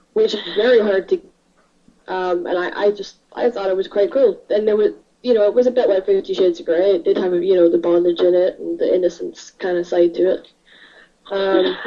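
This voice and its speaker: A woman's voice: mid-range voice, mellow. A woman chatting casually on a podcast who talks hesitantly, restarting her sentences. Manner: hesitant, many restarts and fillers. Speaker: podcast co-host. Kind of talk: casual chat. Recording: distant, dull lo-fi audio.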